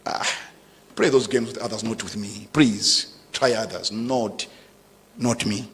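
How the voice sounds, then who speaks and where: A man's voice: lowish voice, steady tone, measured pace, fairly bright tone. A middle-aged Malawian man, a trade minister giving a defiant, emphatic press statement that mixes local words into his English. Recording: long hall reverb.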